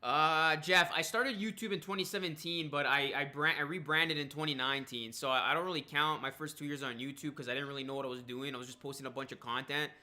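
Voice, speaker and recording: A man's voice: a little high, fast talker, few pauses, pushed and bright. A man hosting a fan live stream, calling the plays of a basketball game and chatting upbeat with viewers, greeting them by name. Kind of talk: live-stream play-by-play and chat shout-outs.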